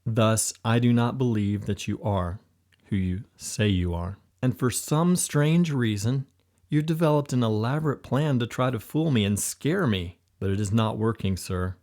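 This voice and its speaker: An earnest young would-be spy who speaks politely and formally, a little higher than plain narration, as a man voices him. He is sincere and respectful. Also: a little slow, a little mellow, lightly acted.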